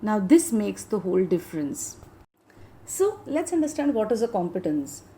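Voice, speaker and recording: A woman, an HR head, giving an earnest, measured motivational lecture to students. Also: medium pitch, very animated, mellow. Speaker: HR head, guest speaker.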